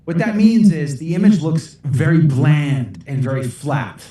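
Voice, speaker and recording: A man's voice: on the high side, animated, unhurried, dark tone, very echoey, distant mic. A middle-aged American man answering livestream questions in a rambling, self-deprecating way, laughing often. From United States. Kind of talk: casual livestream Q&A.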